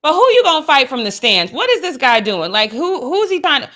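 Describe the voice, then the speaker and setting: A young adult woman co-hosting a sports chat show, animated and playful. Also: a little high, brisk, hardly any pauses. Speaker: co-host.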